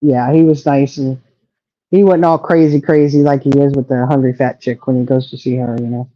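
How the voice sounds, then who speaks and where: A woman's voice: very deep voice, steady tone, brisk, dry recording, dull audio. A middle-aged woman chatting casually as a livestream co-host, rambling and trailing off as she talks. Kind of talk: casual chat.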